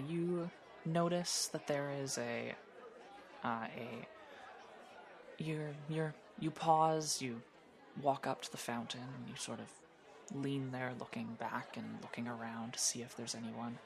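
A man's voice: medium pitch, measured pace, gravelly, a faint crowd. A man narrating as game master of a tabletop role-playing game, hesitant and full of restarts.

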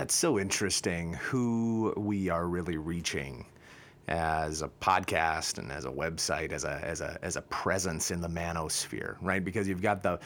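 A man's voice: low voice, slight background noise. A man hosting a podcast, talking alone in a casual, joking, self-mocking way. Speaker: podcast host. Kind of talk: casual monologue.

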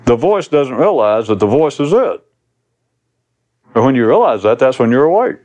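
A man's voice: mid-range voice, darkish tone. A man giving a recorded spiritual talk to an audience, rambling and blunt, swearing casually as he teaches.

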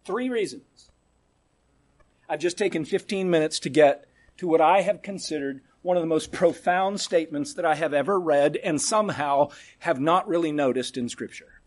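A man preaching a sermon, emphatic and dramatic, dropping to a hush for key words and asking the congregation rhetorical questions. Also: fairly high pitch, normal speed.

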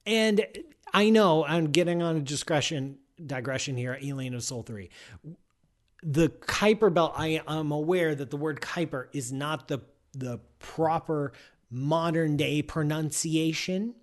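A man's voice: on the high side, unhurried. A man hosting a live science show, talking casually and playfully, ranting in mock outrage and rambling off on digressions.

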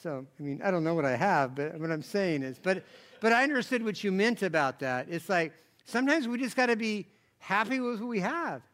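A man's voice: sits high, expressive, brisk, a bit bright. A man preaching a conversational sermon, rambling through asides and jokes, then rising into emphatic bursts. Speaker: pastor.

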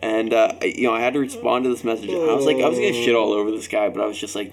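A man's voice: fairly low pitch, rapid-fire, hardly any pauses, slight background noise. A man telling rambling, profane anecdotes in casual group banter, acting out what people said. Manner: rambling anecdotes, swears freely, acts out quotes. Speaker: storyteller in group chat.

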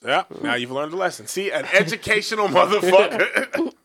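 A young man co-hosting a podcast, telling crude stories in a profane, animated way with sudden jumps in his voice. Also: sits high, moderate pace. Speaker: podcast co-host. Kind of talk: crude comedic podcast banter.

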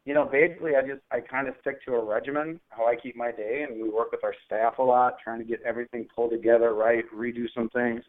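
A man's voice: mid-range voice, steady tone. Earnest man on a tinny phone line. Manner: earnest, halting, lots of fillers. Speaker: mayoral candidate guest. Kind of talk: casual interview answers.

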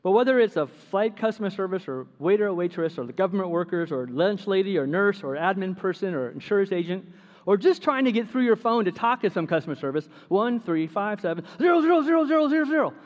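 Male pastor, lively storyteller, fairly high voice, reverberant sanctuary. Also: brisk, lo-fi sound. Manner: storytelling, animated, laughs at his own stories. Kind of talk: sermon.

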